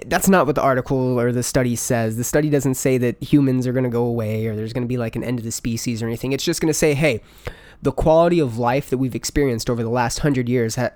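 A man's voice: medium pitch, a little mellow, dry recording. A man talking in a casual monologue to listeners, rambling with lots of fillers and frequent swearing. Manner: rambling, profane, full of fillers.

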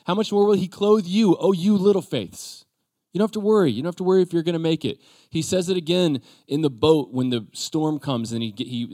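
A male pastor preaching a sermon, acting out quoted voices and dropping to a soft, quiet tone at times. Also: mid-range voice. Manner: drops to a soft, quiet voice for reassurance.

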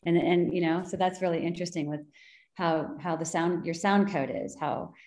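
Lady host rambling on with lots of restarts, bit low voice, echoey room. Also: steady tone, moderate pace, a little mellow. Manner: chatty, restarts and hedges a lot. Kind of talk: casual podcast chat.

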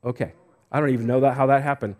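A man's voice: medium pitch, steady tone, fast, darkish tone. A middle-aged man from Idaho preaching a sermon as a pastor, conversational, with frequent restarts and self-deprecating jokes. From Idaho, United States.

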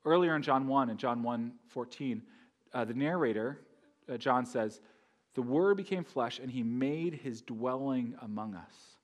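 A man's voice: mid-range voice, unhurried. A man preaching a sermon in a conversational way, often asking the congregation questions. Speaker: pastor.

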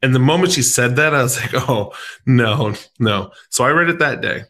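A man's voice: medium pitch, fast talker, sharp tone. A man who coaches sports, hosting a casual podcast chat in an upbeat, playful way with frequent fillers.

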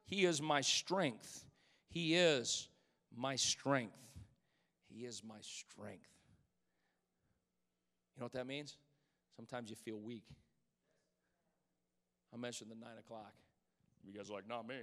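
A man preaching a sermon as pastor in a church, swinging between loud exclamations and hushed asides and calling out to the congregation. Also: mid-range voice, steady tone, unhurried, long pauses. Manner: calls out to the congregation. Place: church sanctuary. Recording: long church hall reverb.

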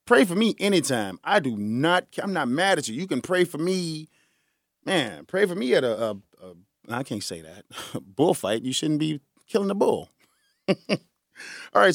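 A man hosting a casual solo podcast, animated and joking, who laughs often, breaks into bits of song and calls his listeners y'all. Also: high voice, creaky, no echo, clean studio sound. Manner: folksy slang, addresses listeners as y'all. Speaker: podcast host.

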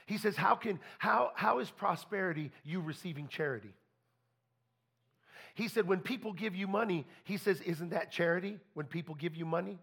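Gravelly high-voiced preacher. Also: male voice, moderate pace, a bit bright. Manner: folksy, repeats and restarts, quotes people in dialogue. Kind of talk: storytelling sermon.

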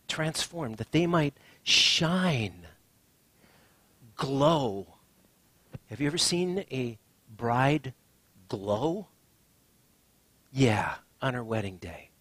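A man preaching a sermon as a pastor, swinging from hushed, drawn-out phrases to emphatic lines. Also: medium pitch, lively intonation, slightly rough, no echo.

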